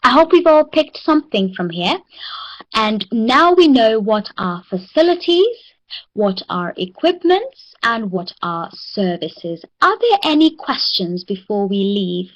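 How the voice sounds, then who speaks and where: A woman's voice: a little high, big pitch swings, poor audio. A woman from South Africa with a South African accent, teaching an online English class and praising her students often. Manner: encouraging, drills words slowly.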